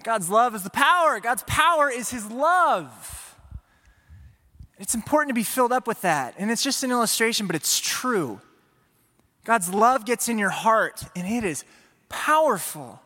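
A pastor giving an energetic, playful sermon to a congregation in a church. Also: male voice, very high voice, a little slow. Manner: energetic, playful, speaks to the audience. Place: church sanctuary before a congregation. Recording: long reverb of a large hall.

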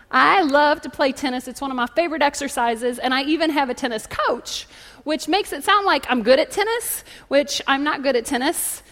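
A woman pastor preaching a sermon, telling stories with lively asides and calling out to the congregation in a church. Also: high-pitched. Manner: animated storytelling with audience call-outs. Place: church hall. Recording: echoey hall.

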